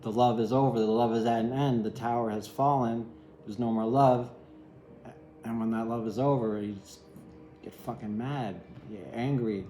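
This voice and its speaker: A man's voice: mid-range voice, steady tone, moderate pace, mellow, echoey room, slight background noise, rough recording. A man giving a casual, rambling tarot reading, candid and sometimes swearing. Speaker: tarot reader.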